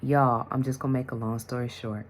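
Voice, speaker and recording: A woman's voice: extremely low pitch, flat delivery, fairly quick. A woman vlogging, telling a personal story casually and animatedly, acting out the conversations in it. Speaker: vlogger, mental health worker and yoga teacher.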